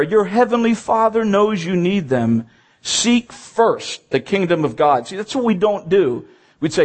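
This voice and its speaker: A man's voice: high voice, very animated, takes it slowly. A man preaching a sermon, reading scripture aloud and stressing points by repeating them.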